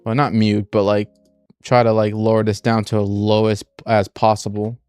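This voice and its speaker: A young man with a fairly low, smooth voice chats casually on a live stream, talking his way through every step and filling gaps with "like" and restarts. His voice is close and dry, with faint music playing underneath. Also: flat delivery, moderate pace, darkish tone, no echo. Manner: rambling, full of "like" and restarts, talks through each step aloud.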